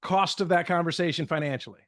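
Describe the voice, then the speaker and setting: Middle-aged guy on a podcast, kinda high voice, tells stories and does everyone's lines. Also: quick pace. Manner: lively, acts out dialogue in stories, many fillers. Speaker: guest speaker and communication trainer. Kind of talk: storytelling podcast chat.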